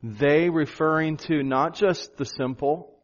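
A male pastor preaching a sermon, animated, jumping up in pitch for emphasis. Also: slow, muffled recording.

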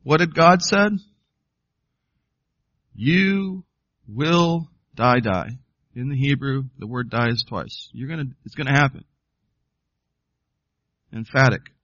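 A man's voice: mid-range voice, normal speed, pauses often, a bit bright, no room sound. Emphatic male pastor, dull lo-fi sound. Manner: emphatic, quizzes the congregation with questions. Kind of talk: sermon.

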